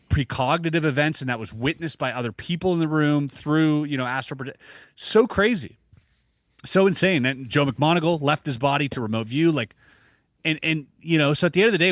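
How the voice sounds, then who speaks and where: This man, in his thirties and appearing as a podcast guest, relates something that happened to him in a lively, casual way, frequently starting over and performing his own reactions. His pitch is medium, with no room sound.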